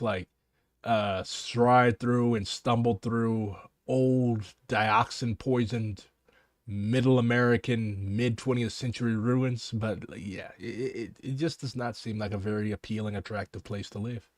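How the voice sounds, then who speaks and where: A man's voice: mid-range voice, fairly even intonation, a little slow. A man giving casual reaction commentary, cutting in with blunt, sarcastic remarks and some swearing.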